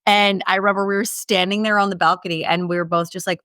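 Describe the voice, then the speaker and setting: A woman's voice: mid-range voice, little pitch movement, quick pace, a bit bright, dry recording, clean studio sound. A woman, a podcast co-host, recalling a shared trip in casual chat and quoting what others said.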